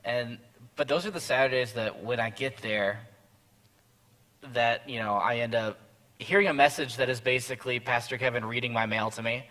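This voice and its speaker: A man sits in on a relaxed church conversation and shares stories in an easygoing, conversational tone. His voice sits at an ordinary middle pitch. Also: moderate pace, poor audio. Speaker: church member. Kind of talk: casual chat.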